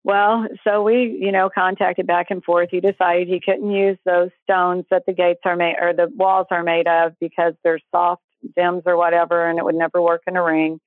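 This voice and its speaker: A woman tells a personal faith story in a relaxed, animated way, slipping into the voices of the people in it. Her voice arrives over a thin, phone-like line with no room sound at all. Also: on the low side, moderate pace, dry recording. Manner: animated, acts out quoted voices. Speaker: guest storyteller. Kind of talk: casual testimony storytelling. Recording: tinny phone line, dry.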